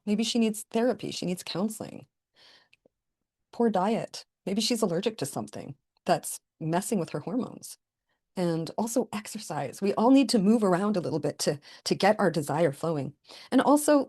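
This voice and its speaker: A woman's voice: mid-range voice, a little mellow. Frank woman giving relationship advice. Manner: frank, coaching, plain-spoken. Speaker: relationship podcast host. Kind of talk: direct advice monologue.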